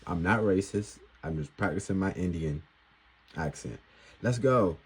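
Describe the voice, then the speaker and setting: A forex trading vlogger with a low-pitched, animated voice walks through his trades in a casual screen-recorded video. He takes his time, explaining risk and reward step by step in a hype, slang-heavy style.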